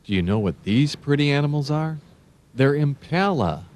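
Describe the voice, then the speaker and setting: A man doing scripted narration for young children, speaking in a slow, sing-song, encouraging way and spelling words out letter by letter. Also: a little high, expressive, darkish tone.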